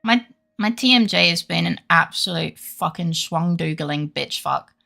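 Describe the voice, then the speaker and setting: A woman's voice: lowish voice, measured pace, vocal fry, pushed and bright, soft background music. A woman chatting casually with her viewers on a live stream, swearing freely and laughing often.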